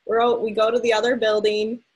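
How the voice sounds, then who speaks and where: A breathy, slightly husky woman in her thirties hosts a casual chat. She tells her stories in an animated way, full of likes, and acts out what people said. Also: a little high, brisk, low-quality recording. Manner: animated storyteller, many likes, acts out quotes. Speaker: host.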